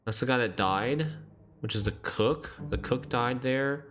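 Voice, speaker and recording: A man's voice: mid-range voice, measured pace, fairly bright tone, soft background music. A man streaming a game, thinking aloud as he works through a puzzle and questions himself.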